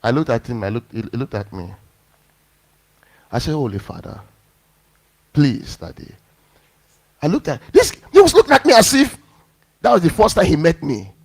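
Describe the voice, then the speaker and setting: In a slightly high, husky voice, a pastor delivers his sermon at a brisk pace, pausing often. He's an animated storyteller, recounting a personal story and performing the quotes of the people involved.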